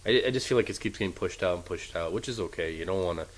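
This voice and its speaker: A man's voice: low voice, fast, rough recording. A man co-hosting a casual wrestling podcast, swearing freely and ranting with heat. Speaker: podcast co-host.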